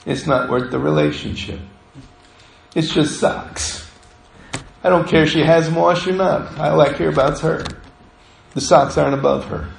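A middle-aged man preaches a sermon in a loose, conversational way, drifting into personal stories and acting out the voices of the people in them. His voice sits a little high for a man. The sound carries the echo of a church sanctuary. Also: fairly even intonation, fairly quick, vocal fry, a little hiss or hum. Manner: storytelling, conversational, acts out quoted voices. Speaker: pastor.

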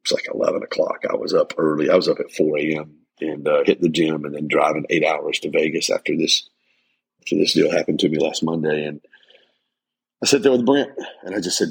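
A man's voice: extremely low pitch, fairly quick, gravelly, breathy edge, poor audio. A middle-aged man hosting a motivational podcast, talking earnestly and emphatically with many restarts. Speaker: life coach and podcast host.

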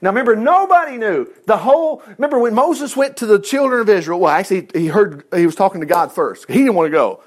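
Speaking fast with barely a pause, a male preacher with a high-sitting voice gives a chatty sermon to a congregation in a room. He brings quoted voices to life in an animated way.

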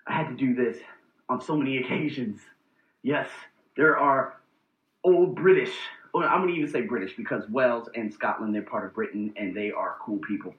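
Male vlog host, animated and profane storyteller; lo-fi, roomy recording. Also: medium pitch, normal speed. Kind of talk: casual personal vlog monologue.

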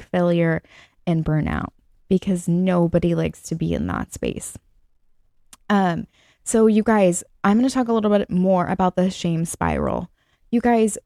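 A young woman talks straight to her listeners in a casual, chatty run of motivational advice, leaning on "like" and "you guys" as she goes. Her voice sits a little low for a woman. The sound is dry and close, with no room around it. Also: darkish tone, no room sound. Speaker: podcast host.

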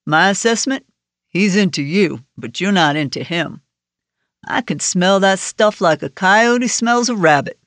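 A woman's voice: medium pitch, lively intonation, unhurried, a bit bright, no echo. A woman narrator voicing a cocky, crude male agent who talks in a wisecracking, folksy way in an audiobook. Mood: teasing. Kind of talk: audiobook character voice.

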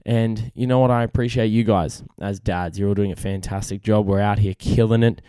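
Young Australian bloke, low mellow voice going a bit rough, casual matey podcast host, dry close sound. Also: male voice, fairly even intonation, brisk, dry recording. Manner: laid-back, matey, swears freely. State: losing his voice. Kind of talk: casual chat.

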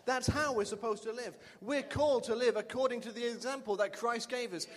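Pastor, male, high-pitched, emphatic repeater, preaching in a reverberant church hall. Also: a little fast. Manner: emphatic, repeats lines for the congregation. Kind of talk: sermon. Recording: long reverb of a large hall.

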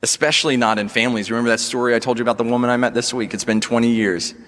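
A male pastor preaches in an earnest, measured way at a middle pitch and often puts questions to his listeners. His voice carries a long reverb from the church sanctuary around him. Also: level tone, fairly bright tone. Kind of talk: sermon.

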